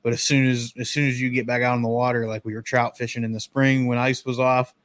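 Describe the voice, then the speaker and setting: A man's voice: mid-range voice, no echo. A man in his thirties from the northern United States spins easygoing stories in a casual podcast chat. His voice sits in the middle of the male range. The recording is close and dry. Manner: relaxed storytelling, drawn-out memories. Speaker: podcast host.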